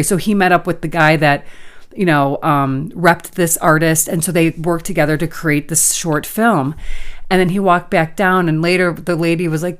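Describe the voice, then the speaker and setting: Woman podcast co-host, lowish voice, lively casual storyteller. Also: moderate pace, clear, resonant tone. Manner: animated storyteller, acts out quotes. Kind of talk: casual chat.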